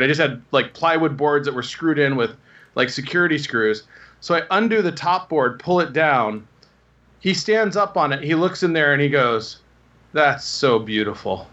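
A man in his thirties telling rambling, animated anecdotes in casual conversation. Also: on the high side, muffled recording. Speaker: guest telling stories. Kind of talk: casual storytelling.

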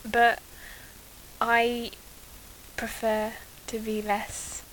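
A giggly woman chats as a podcast guest and rambles through her thoughts. Her voice sits a little high. A faint hiss runs underneath. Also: completely flat delivery, extremely slow, fairly bright tone, poor audio. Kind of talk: casual chat.

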